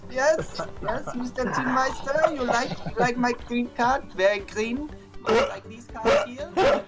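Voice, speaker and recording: A woman voicing a pushy male taxi job applicant in a put-on Mexican accent, broken English full of "uh" and "yes", over loud music. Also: a little high, close to an everyday voice, poor audio.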